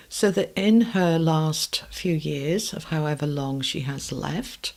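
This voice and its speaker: A middle-aged British woman hosting a podcast, telling a personal story in a calm, measured way that sometimes drops to a soft hush. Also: deep voice. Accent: British English. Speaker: podcast host.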